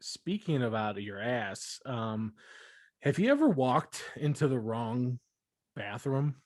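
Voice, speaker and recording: A man's voice: medium pitch, expressive, slow, a little mellow, dry recording, studio quality. A young man co-hosting a podcast, chatting casually and jokingly acting out what people said. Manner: jokey, acts out quoted voices. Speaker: podcast co-host. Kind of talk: casual banter.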